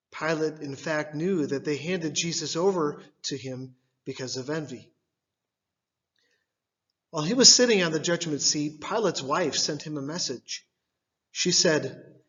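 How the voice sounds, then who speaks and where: A man giving a liturgical scripture reading, delivered in measured phrases, one at a time. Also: a little high, sharp tone, muffled recording. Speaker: scripture reader.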